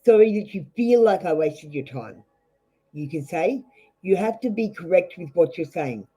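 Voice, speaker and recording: A woman's voice: fairly low pitch, expressive, moderate pace, dark tone, breathy edge, low-quality recording. An Australian woman giving a live tarot reading to viewers, blunt and rambling, with many fillers and restarts. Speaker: tarot reader.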